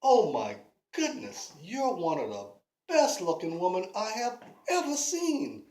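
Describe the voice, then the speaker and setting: Woman playing a flirty brash man, hot-tempered, smooth-talking, echoey room. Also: mid-range voice, huge pitch swings, measured pace. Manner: smooth-talking, then yelling. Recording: roomy echo.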